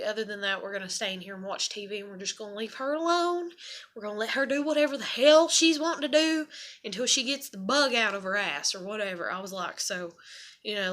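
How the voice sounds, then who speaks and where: A woman's voice: mid-range voice, sharp tone. A young woman, venting about her life in a casual vlog, profane and rambling. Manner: frustrated, profane, rambling storytelling. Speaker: vlogger.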